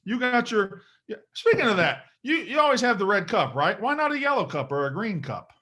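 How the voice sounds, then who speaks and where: A man's voice: high voice, sing-song, fairly quick, bright, forceful tone. A man hosting a casual interview in a joking, self-deprecating way. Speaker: podcast host.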